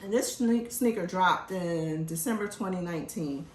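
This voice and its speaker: A woman from Philadelphia hosting a casual show, talking in an animated, joking, chatty way. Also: on the low side, moderate pace, reverberant, slight background noise. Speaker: host. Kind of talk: casual chat.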